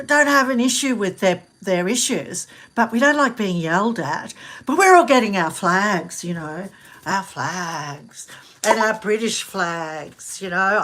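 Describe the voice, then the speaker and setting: A middle-aged woman from Australia chatting casually in a rambling, animated way, laughing often and restarting her sentences. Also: mid-range voice. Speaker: vlogger. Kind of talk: casual chat.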